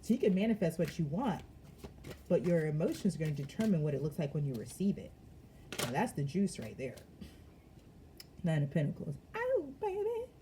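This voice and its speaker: A woman's voice: deep voice, animated, brisk, long pauses, warm tone, slight background noise. A woman giving a casual tarot reading to her viewers, chatty and often breaking into laughter. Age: adult parent of young children. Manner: chatty, addresses viewers as y'all. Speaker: tarot card reader.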